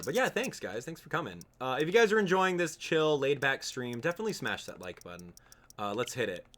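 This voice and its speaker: A young man streaming a game live and talking in a relaxed, joking way with his viewers. His pitch swings a lot as he reacts, and he breaks into laughter often. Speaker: gaming streamer. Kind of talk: live gameplay stream chat.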